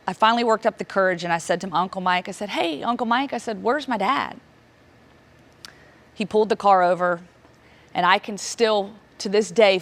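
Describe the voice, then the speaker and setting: Keynote storyteller: woman in her thirties, from Virginia, emotional delivery with dramatic pauses and voice leaping up in moments of shock. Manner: emotional, dramatic pauses, rising pitch when reliving shock. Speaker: keynote speaker. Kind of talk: personal storytelling talk.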